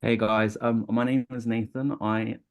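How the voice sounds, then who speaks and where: A man's voice: fairly low pitch, flat delivery, unhurried, lo-fi sound. A man in his thirties from near London, with an English accent, chatting eagerly with lots of ums on a video call. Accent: English, London area. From England. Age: 30s.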